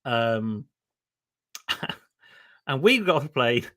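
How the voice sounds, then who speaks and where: Drawing out his words in a mid-range voice, a man guesting on a live stream chats casually. His storytelling is animated and giggly, with plenty of laughter.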